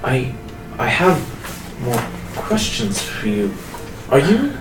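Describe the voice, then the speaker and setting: A man's voice: medium pitch, sing-song, slow pace, far from the mic, noisy background. A man playing a tabletop game, asking hesitant, curious questions in character. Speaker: player. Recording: echoey room from afar.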